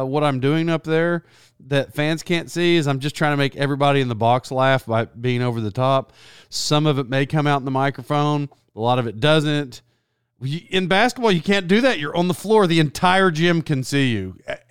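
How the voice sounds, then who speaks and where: A man's voice: fairly high pitch, clear, resonant tone, no echo, studio quality. A sports announcer telling a long rambling story in a casual, self-deprecating way, laughing as he goes.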